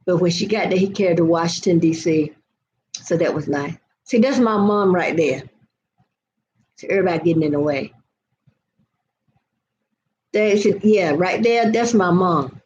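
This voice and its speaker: A woman's voice: lowish voice, normal speed, long pauses, a little mellow. Older woman, casual vlog host, rambling storyteller, addresses viewers directly, dull lo-fi recording. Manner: chatty and meandering, talks straight to viewers. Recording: dull lo-fi sound with faint noise.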